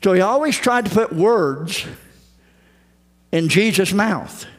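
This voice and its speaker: A man's voice: sits high, lively intonation, takes it slowly, big-room sound. A man preaching a folksy sermon as pastor, acting out the voices he quotes. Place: church sanctuary.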